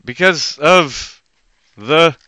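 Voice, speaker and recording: A man rambling on a solo live stream at home, jumping between loud outbursts and low muttering. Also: drawn-out words, clean tone, no echo.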